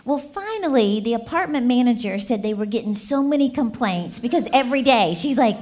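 A woman speaking as a guest preacher in a church, telling a story in a lively, animated way, often laughing and asking the congregation questions. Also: on the high side, moderate pace, hardly any pauses.

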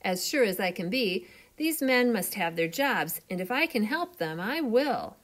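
An earnest, determined steel-driving man, read by a woman in a storybook reading, his voice rising and falling widely. He speaks slowly and with steady purpose. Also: mid-range voice. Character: strong, brave working man, steel driver.

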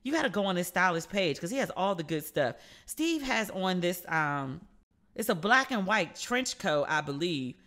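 A woman hosting her own podcast and chatting casually, telling gossipy stories in a lively way and acting out the people she quotes. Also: fairly low pitch, moderate pace. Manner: animated, gossipy storytelling with quoted voices. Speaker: podcast host. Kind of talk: casual solo podcast chat.

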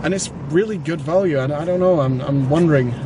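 Guy vlogging from the car, kinda high voice, lots of uh and um, road noise behind. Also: fairly quick. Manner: rambling, many fillers, self-correcting, chuckling. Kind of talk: casual chat while driving. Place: inside a car in town traffic.

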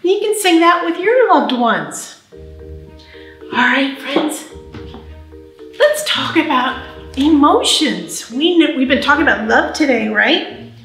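A woman leading a library storytime for babies, reading a picture book slowly and in a sing-song way and talking straight to the little ones. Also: high voice, lively intonation, a bit bright, echoey room, faint music behind. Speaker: children's librarian. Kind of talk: baby storytime reading and singing. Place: library room.

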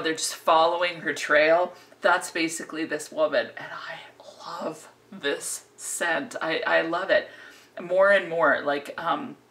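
A woman's voice: sits low, vocal fry, sharp tone. A woman giving a casual, chatty, enthusiastic perfume review that rambles. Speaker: fragrance reviewer.

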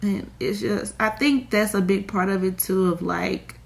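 A woman's voice: medium pitch, fairly even intonation, unhurried, vocal fry. A young woman, crying and rambling in a confessional vlog with many fillers. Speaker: vlogger.

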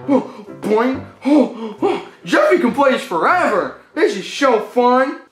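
A man voicing a dim, bratty young boy who babbles and whines excitably. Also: extremely high pitch, takes it slowly, full character voice. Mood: babbling. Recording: echoey room with music behind.

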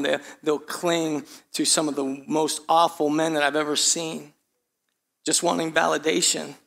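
High-voiced man preaching a sermon. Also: gravelly, a bit bright. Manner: rhetorical questions, repeats phrases for emphasis. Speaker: pastor. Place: church sanctuary.

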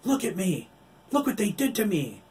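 A tormented young wolf creature screaming at the top of a high, strained voice, as a man does the role in a storybook reading. He rages from a little way back from the microphone. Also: big pitch swings, normal speed, darkish tone, distant mic, slight background noise. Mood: raging. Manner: screaming, raging.

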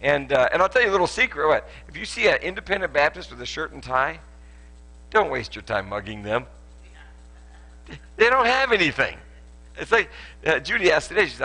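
Guy pastor clowning around mid-sermon, jumps all over in pitch, bright voice, laughs a lot. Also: big pitch swings, fairly quick, long pauses, rough recording. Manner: joking, chatty, laughs often, lots of restarts. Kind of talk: playful sermon with a live demonstration. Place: church auditorium.

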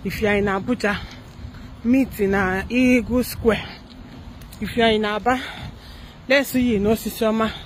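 A woman's voice: on the high side, fairly even intonation, normal speed, pauses often, slight background noise, low-quality recording. A young Nigerian woman giving a sarcastic gossip commentary, firing off mocking rhetorical questions. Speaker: celebrity gossip vlogger. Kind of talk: satirical commentary vlog.

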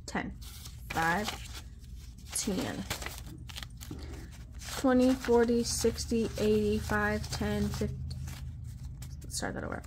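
A woman's voice: mid-range voice, slow pace, long pauses, a little mellow, slight background noise. A woman vlogging at her desk at home, chatting casually while counting cash aloud under her breath with little asides. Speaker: budgeting vlogger.

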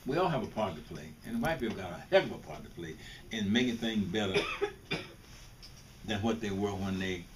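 Animated, on the low side, and at a normal speed, an older man from Mississippi speaks to students as a guest. His talk is blunt and informal with frequent restarts and repetitions, recorded from a distance with faint background noise.

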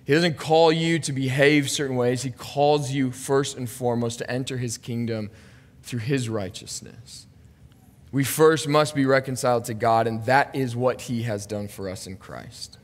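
A man's voice: mid-range voice, moderate pace. A man in his thirties, a pastor preaching an earnest, confessional sermon that builds to urgent emphasis. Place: church sanctuary. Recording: long hall reverb.

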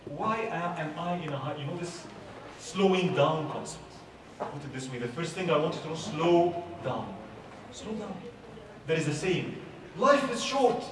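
A man's voice: fairly high pitch, fairly quick, a crowd in the background. A middle-aged man from Egypt, giving an informal religious talk to young people and firing off rhetorical questions. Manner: conversational, asks many rhetorical questions. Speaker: youth speaker. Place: large hall at a religious youth event. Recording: echoey hall, far from mic, background noise.

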